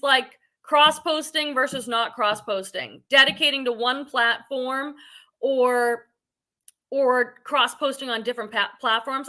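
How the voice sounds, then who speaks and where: A woman with a high, bright, forceful voice hosts a casual reselling livestream from her living room. She's chatty and rambling, greeting viewers by name, and is recorded through a computer webcam.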